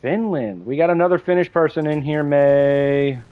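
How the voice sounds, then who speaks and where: A man's voice: on the high side, normal speed, phone-quality sound. A young American man chatting casually with his live chat while playing a game, swearing now and then. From United States. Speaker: live streamer.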